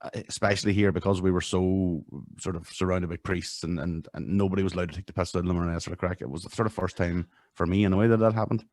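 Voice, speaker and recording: A man with a Northern Irish accent hosting a comedy podcast, chatting with quick, sweary banter. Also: low voice, fairly even intonation, a little mellow, no room sound. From Northern Ireland. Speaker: podcast host. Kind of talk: casual comedy chat.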